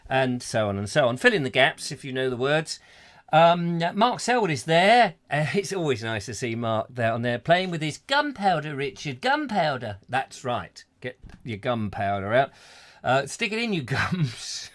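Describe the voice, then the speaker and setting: A middle-aged man hosts a live comedy chat show, his medium-pitched voice swinging widely at a moderate pace. He rambles through viewers' comments with puns and silly asides, breaking into goofy voices and song.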